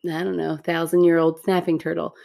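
A woman with a low, gravelly voice co-hosts a relaxed conversation. She tells her story in an animated, self-mocking way and often breaks into laughter. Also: brisk. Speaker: podcast co-host. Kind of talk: casual chat, storytelling.

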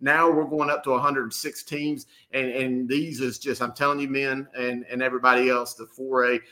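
A man, rattling off high school football rankings with energy as the show's analyst. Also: moderate pace. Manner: energetic, rattles off team names. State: out of breath. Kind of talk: excited sports talk.

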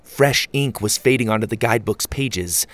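A man narrating a children's adventure story with an animated, expressive read. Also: fairly low pitch, moderate pace.

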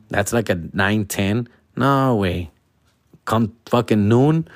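A young man telling a story in a casual, slangy monologue, now and then breaking into loud exaggerated whines. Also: medium pitch, lively intonation, normal speed, no echo, studio quality.

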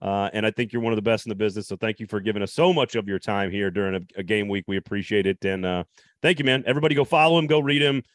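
A man's voice: fairly low pitch, racing, no echo, clean studio sound. A man hosting a talk show, asking a guest questions and then giving commentary. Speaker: radio show host. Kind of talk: casual interview and commentary.

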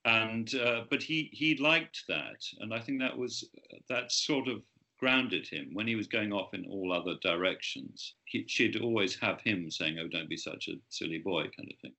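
A man's voice: lowish voice, animated, a little slow, bright, forceful tone. A man, an author, talking about his book in an interview, hesitant with many restarts.

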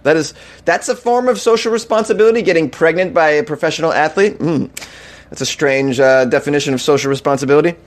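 Talking fast, this male host of a comedy news show riffs disbelievingly on bizarre headlines, laughing frequently between lines. His pitch runs slightly higher than the typical man's.

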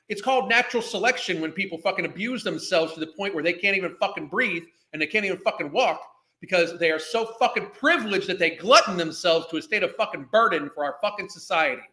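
A man's voice: high-pitched, expressive, quick pace, hardly any pauses, pushed and bright. A man hosting a reaction show, ranting at a clip with angry mockery and constant swearing. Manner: angry, mocking, heavy swearing. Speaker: commentary host. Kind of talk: profane ranting commentary. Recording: echoey room.

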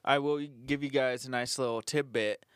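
A man's voice: medium pitch, steady tone, normal speed, clear, resonant tone, dry recording, studio quality. A young man co-hosting a podcast in easygoing casual chat, laughing along with the others. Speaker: podcast co-host.

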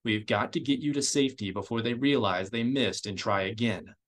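A man's voice: medium pitch, a little fast, lightly acted. A man voicing a loyal male aide who speaks urgently, firmly and bitterly in an audiobook. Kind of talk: audiobook character voice.

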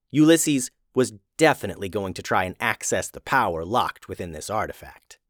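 Man, storyteller, fantasy narration, animated pitch, dry close sound. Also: no room sound. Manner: expressive storytelling.

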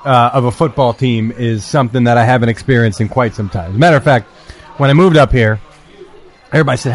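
A man chatting as a podcast guest in a bar, telling stories in a relaxed, self-deprecating way. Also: mid-range voice, a little fast. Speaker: podcast guest, football reporter. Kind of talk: casual chat.

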